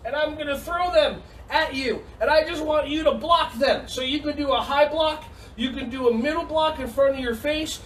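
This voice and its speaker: Man, kids' fitness instructor, silly and teasing, high voice, faint noise behind. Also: distant mic, poor audio. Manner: silly, energetic, teasing, calls out counts and cues. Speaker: kids' yoga and karate instructor. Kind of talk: playful online kids' class. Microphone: video call.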